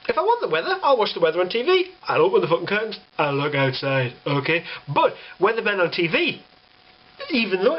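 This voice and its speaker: A young British man with a high voice vents to the camera in a sarcastic, exasperated rant, cursing freely. He's a vlogger from Britain with a British English accent, and the audio is lo-fi.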